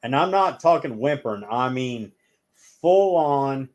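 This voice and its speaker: A man's voice: medium pitch, expressive, a little slow, muffled recording. A man with an ordinary mid-range voice spins long stories as a guest in a casual chat. He rambles from one detail to the next and acts out what each person said.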